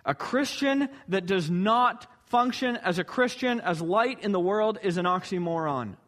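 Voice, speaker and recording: High-voiced male preacher. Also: a little slow, a bit bright. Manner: earnest, emphatic rhetorical questions. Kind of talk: sermon.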